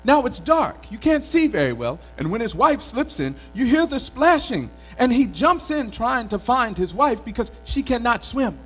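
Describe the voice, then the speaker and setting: A male storyteller from Mali telling a folk tale in an expressive, dramatic way at a live event. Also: very high-pitched, normal speed, hardly any pauses, slightly rough, faint music behind, rough recording. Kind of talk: oral storytelling performance. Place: country club event.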